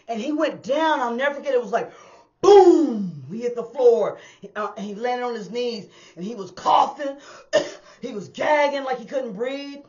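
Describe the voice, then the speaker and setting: A fairly high-voiced woman spins a street story from her bus-driving days, lively and chatty, calling out to her listeners and mimicking the noises she remembers. The sound is a little dull and lo-fi, as though recorded on simple gear. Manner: animated, addresses listeners as y'all, acts out sounds. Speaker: storyteller and former bus driver. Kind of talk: casual personal storytelling to an audience. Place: indoors on a hot day.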